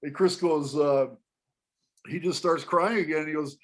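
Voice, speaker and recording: A man telling a story to an interviewer in casual panel talk, animated and often restarting his sentences. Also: fairly high pitch, a little slow. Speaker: guest storyteller.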